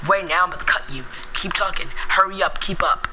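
A man's voice: high-pitched, fast. Brash trash-talking man over game noise. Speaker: gameplay streamer. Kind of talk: casual gameplay commentary.

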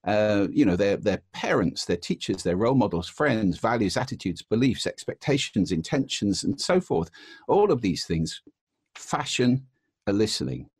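A man's voice: fairly low pitch, sing-song, moderate pace, breathy edge, no echo, studio quality. A man answering interview questions about the voice, explaining and demonstrating voice techniques. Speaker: voice expert guest.

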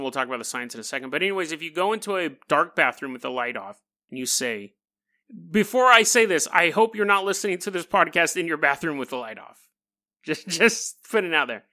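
Sex: man. Role: podcast host. Style: casual monologue. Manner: joking, self-mocking. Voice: bright and animated. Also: on the high side.

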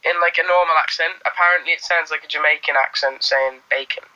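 A man's voice: fairly high pitch, steady tone, quick pace, sharp tone, lo-fi sound. A young man casually and playfully chatting on a live stream, often giggling. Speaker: livestream host. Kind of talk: casual livestream chat.

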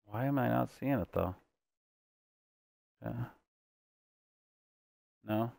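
A man's voice: medium pitch, slow pace, gravelly, a little mellow, dry recording, studio quality. A man streaming gameplay live, chatting to his viewers and cracking puns as he plays. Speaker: gaming streamer.

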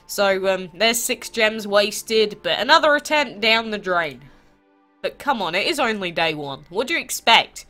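A congested woman with a stuffy nose from a cold, hosting a mobile game channel in chatty, animated talk full of rhetorical questions. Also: medium pitch, unhurried, soft background music. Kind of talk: casual gaming vlog chat.

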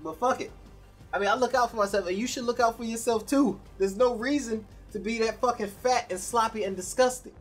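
A man's voice: very high voice, fairly quick, breathy edge, faint music behind. Profane ranting young man gaming. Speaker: gamer commentating his own gameplay. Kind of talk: live gameplay commentary rant.

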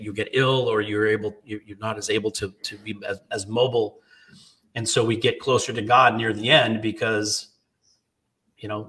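A man in his late fifties co-hosting a podcast, speaking haltingly with many restarts and close to tears. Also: lowish voice, a bit bright, recorded from a distance. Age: 50s. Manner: halting, many restarts, tearing up as he tells a story. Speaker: podcast co-host. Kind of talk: casual podcast chat.

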